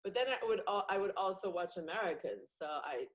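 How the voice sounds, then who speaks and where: A young woman comedian from France with an international English accent, chatting on a podcast, lively with many fillers and restarts. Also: mid-range voice, a little fast, rough recording. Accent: international English, no French accent. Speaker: comedian and actress guest. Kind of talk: casual podcast chat.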